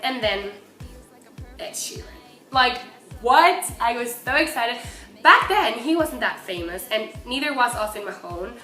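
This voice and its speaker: Bright gushing young woman. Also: on the high side, normal speed. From Mexico. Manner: excitable, gushing, many fillers. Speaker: vlogger. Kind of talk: casual storytelling. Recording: echoey room with faint music.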